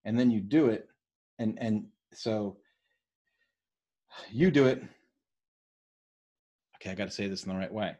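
East Coast-raised male study leader, husky voice, rapid and conversational. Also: on the low side, mellow, lo-fi sound. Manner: fast-talking, keeps checking in with "right?". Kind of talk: casual teaching on a leadership book.

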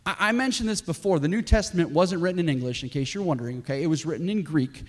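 A man preaching a sermon as pastor, emphatic, swinging from forceful lines to hushed, drawn-out ones. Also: fairly high pitch.

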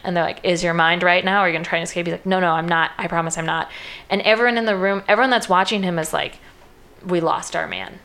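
Woman, casual chat, slightly low voice, lots of "like", acts out quotes. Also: fairly even intonation, quick pace, fairly bright tone. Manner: chatty, uses lots of "like", acts out quoted lines. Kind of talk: casual retelling of a film plot.

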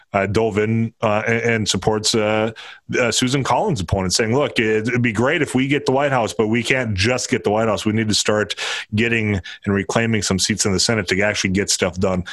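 A low-pitched man chatting as the host of a political podcast. He rambles through long sentences, stopping and restarting often. His voice sounds close and dry, with no room around it. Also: fairly bright tone, dry recording. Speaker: podcast host and radio commentator. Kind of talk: casual political podcast chat.

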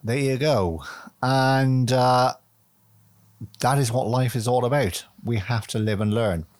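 A man's voice: medium pitch, slow pace, a little mellow, dry recording. A man hosting a solo podcast, rambling and chatty, swearing casually and making fun of himself. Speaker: podcast host.

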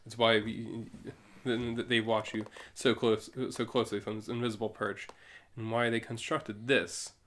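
This co-host reads comic book dialogue aloud on a casual podcast, giving characters goofy, playful voices and laughing a lot. His voice is on the low side and a bit bright, with little pitch movement and a moderate pace.

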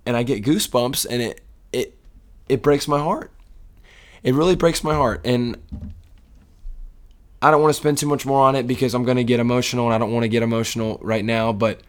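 A man's voice: mid-range voice, fairly even intonation, fairly quick, pauses often, clear, resonant tone. A man co-hosting a casual sports talk show, speaking in an emotional, rambling way with many restarts. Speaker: sports podcast co-host.

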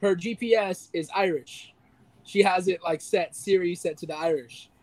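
High-voiced young man telling stories. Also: normal speed, no room sound, poor audio. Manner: animated storyteller, acts out quotes in silly voices. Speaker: podcast co-host. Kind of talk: casual chat.

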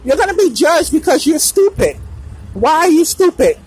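A woman with a high, bright voice holds forth in a preachy podcast monologue. Her pitch swoops widely as she drives her points home, repeating phrases and drifting into snatches of song. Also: sing-song, normal speed, rough recording. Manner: emphatic, repeats lines, breaks into sung phrases. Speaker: podcast host.

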